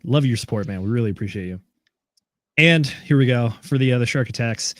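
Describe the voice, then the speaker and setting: A man's voice: medium pitch, animated, fairly quick, a bit bright, no room sound, clean studio sound. A man hosting a casual podcast, reading listener comments and notes aloud with joking asides. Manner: easygoing, reads aloud with asides. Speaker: podcast host.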